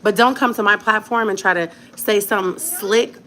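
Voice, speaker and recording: A woman's voice: medium pitch, fairly even intonation, moderate pace, fairly bright tone. Young woman ranting at her viewers, blunt, slangy, kinda defiant, a little room noise. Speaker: vlogger. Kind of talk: casual vlog rant to viewers.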